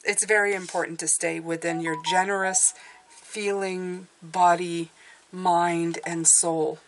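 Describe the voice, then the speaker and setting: A woman's voice: on the low side, flat delivery, slow pace, slight background noise. A middle-aged woman giving a casual tarot reading, chatty and reassuring, often checking in with "okay?". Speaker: tarot reader.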